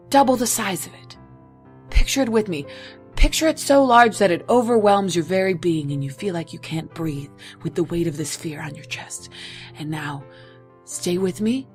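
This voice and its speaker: A woman's voice: fairly low pitch, darkish tone, close to an everyday voice. A woman playing a needy, volatile advice show host who talks dramatically and swings between soothing and angry. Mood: ominous soothing. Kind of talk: comedy sketch acting.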